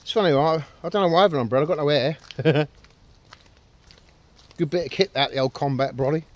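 A man's voice: fairly high pitch, fairly quick. A man vlogging outdoors with his dogs, rambling and ranting, heavy with swearing and self-deprecating jokes. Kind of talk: casual rambling vlog.

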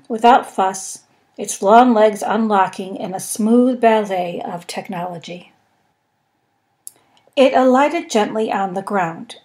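A woman's voice: fairly high pitch, a little mellow. Woman reading a story aloud. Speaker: podcast narrator. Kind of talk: audiobook reading.

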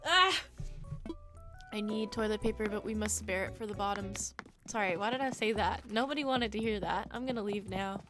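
A woman live-streaming a game, chatting to herself in a giggly, excitable way. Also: mid-range voice, normal speed. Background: game music.

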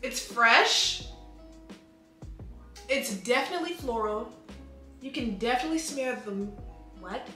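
A young woman chatting excitedly in a casual review video, talking fast with lots of fillers. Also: fairly high pitch. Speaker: beauty vlogger. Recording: echoey room with faint music.

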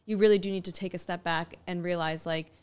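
A woman co-hosting a podcast, chatting in a relaxed, agreeable way. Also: lowish voice, a little fast, clear, resonant tone. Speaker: podcast co-host. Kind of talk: casual podcast conversation.

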